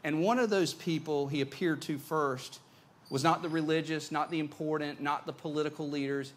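A man preaching a sermon as pastor, conversational and animated, often repeating words as he goes. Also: on the high side, normal speed.

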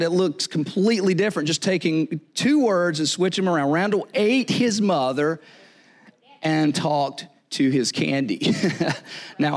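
Male pastor, higher voice, casual joking sermon delivery with repeats and asides. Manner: conversational, jokey, repeats words and asks "right?".

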